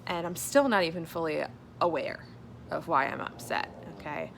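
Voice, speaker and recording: A woman's voice: deep voice, lively intonation, normal speed, creaky, a bit bright, slight background noise. A young woman vlogging at home, candid and chatty, sometimes dropping to a whisper. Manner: chatty and candid, many fillers, drops to a whisper at times. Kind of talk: casual personal vlog.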